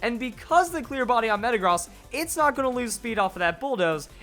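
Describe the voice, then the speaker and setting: A man giving excited play-by-play commentary on a video game battle, his voice going hoarse. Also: extremely high pitch, soft background music. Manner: hype, rapid play-by-play with exclamations. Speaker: gaming YouTuber.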